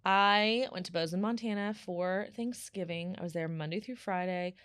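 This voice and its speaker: A woman in her thirties talks through a solo podcast, chatty and animated, piling on fillers as she tells her stories. Her voice sits on the lower side. The sound is dry and close, with no room echo. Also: normal speed, smooth. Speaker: podcast host. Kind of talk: casual solo podcast chat.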